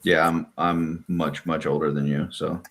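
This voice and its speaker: A man in his forties with a very deep, low voice, chatting casually. He slips in dry, deadpan jokes as he talks. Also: measured pace, slight background noise. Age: 40s. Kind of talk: casual chat.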